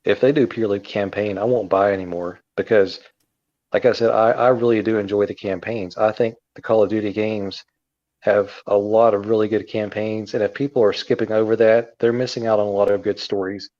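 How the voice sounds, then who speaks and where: A man's voice: fairly low pitch, fairly even intonation, a little fast, darkish tone, muffled recording. A man co-hosting a casual video game chat, earnest and friendly. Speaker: co-host.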